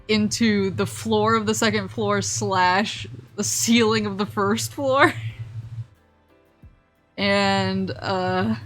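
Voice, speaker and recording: A woman's voice: medium pitch, a bit bright. A woman vtuber chatting casually on stream, telling a rambling story with frequent laughs, restarts and fillers.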